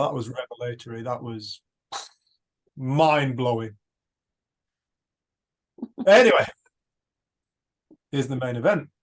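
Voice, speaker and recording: A man hosting a retreat over a video call, telling stories in an earnest, animated way. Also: medium pitch, gravelly. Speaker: retreat host. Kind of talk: casual reflective talk.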